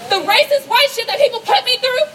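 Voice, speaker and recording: Very high-voiced woman rallying a crowd. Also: brisk, sharp tone. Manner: repeats rhetorical questions, calls out to the crowd. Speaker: student rally speaker. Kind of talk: impassioned protest speech. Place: outdoor campus rally. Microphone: rally sound system. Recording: distant voice over crowd and noise.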